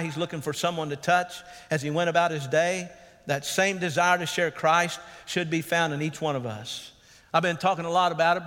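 A man's voice: on the high side, fairly bright tone. A man, a pastor preaching an earnest sermon and calling out to the congregation. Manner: earnest preaching with calls of "Amen?". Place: church sanctuary. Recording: long church reverb.

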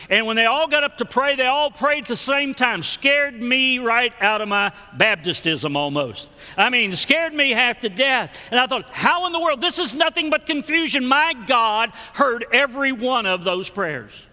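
A man's voice: very high voice, bright, forceful tone, in a large hall. A man preaching a sermon, emphatic and repetitive, with folksy storytelling asides.

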